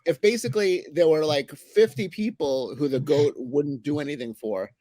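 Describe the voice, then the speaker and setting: A man's voice: fairly high pitch, normal speed, mellow, no room sound. A man who works as a comic book editor, chatting casually, rambling and laughing as he tells jokes. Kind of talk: casual chat.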